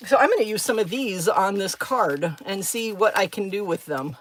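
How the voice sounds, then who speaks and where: A woman's voice: mid-range voice, animated, normal speed, a little hiss or hum. A woman hosting a craft live stream from home, chatting casually with viewers by name and drifting from one thought to another. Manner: rambling, easily sidetracked, talks to viewers by name.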